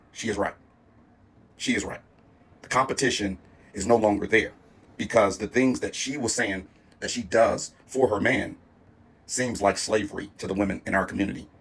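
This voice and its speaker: Husky, earnest low-voiced man. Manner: earnest, measured. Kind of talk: social media commentary.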